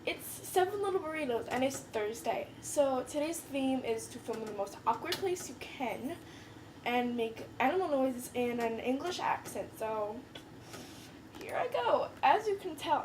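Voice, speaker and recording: A woman's voice: on the high side, animated, measured pace, recorded from a distance. A young woman hosting a casual vlog in a goofy, playful way, filmed from inside a fridge in a basement. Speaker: vlogger. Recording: echoey, noisy home video.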